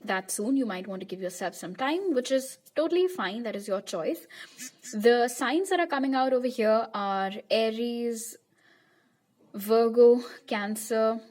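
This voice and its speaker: A woman's voice: fairly high pitch, darkish tone. Chatty young woman reading tarot. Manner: chatty, reassuring, addresses viewers directly. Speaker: tarot reader. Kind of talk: pick-a-card tarot reading to camera.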